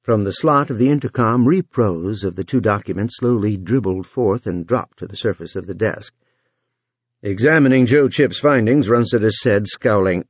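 A man narrating an audiobook in a measured, expressive way. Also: lowish voice, slightly rough, no room sound. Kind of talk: scripted narration.

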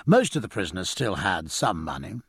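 A man narrating a story in a measured storytelling manner. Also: sits low, sing-song, breathy edge, no room sound, clean studio sound. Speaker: audiobook narrator. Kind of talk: scripted narration.

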